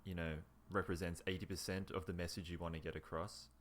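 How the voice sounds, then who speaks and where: Very deep-voiced easygoing man. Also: little pitch movement, fast, slight background noise. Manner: agreeable, easygoing. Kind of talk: casual conversation.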